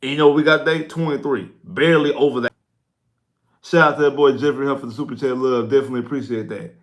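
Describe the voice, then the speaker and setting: Man, sports livestream host, excitable, repetitive, stumbling, postgame chat. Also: mid-range voice, fast talker. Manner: excitable, repeats himself, stumbles over words. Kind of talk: casual postgame sports talk.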